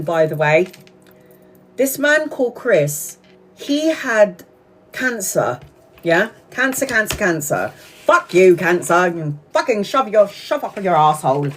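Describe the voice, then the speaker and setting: A woman tarot reader hosting a live stream, chatting casually, telling a story bluntly with lots of swearing and frequent laughter. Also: a little high. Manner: profane, blunt, animated storyteller; laughs often while talking.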